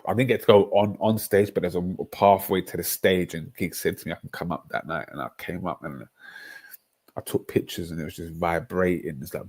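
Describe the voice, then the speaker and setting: Young guy, lowish voice, loose slangy livestream chat. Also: a little fast. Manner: rambling, animated storytelling with slang. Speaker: livestream host.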